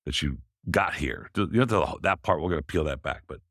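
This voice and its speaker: A man's voice: very deep voice, fairly quick, no echo. A man hosting a wine podcast in a studio, chatting casually and joking with his guest. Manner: chatty, jokey, lively intonation. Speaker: podcast host. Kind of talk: casual interview chat.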